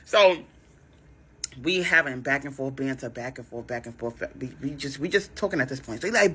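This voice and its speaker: Animated woman telling a dating story. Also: moderate pace, husky. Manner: animated, dramatic retelling with sudden high outbursts. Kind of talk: casual storytime vlog.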